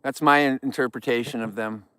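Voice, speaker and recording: A man's voice: medium pitch, fairly even intonation, brisk, fairly bright tone, smooth, dry recording. A man hosting a casual live vlog outdoors, talking straight to viewers in an upbeat, rambling way. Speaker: outdoor livestream host. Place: outdoors in the wild.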